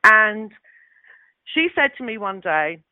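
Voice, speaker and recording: A woman in her sixties with a London Cockney accent, telling animated stories with laughs as a guest actress. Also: mid-range voice, slow, no room sound. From London, England. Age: 60s. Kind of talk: casual anecdote. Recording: tinny phone-like audio.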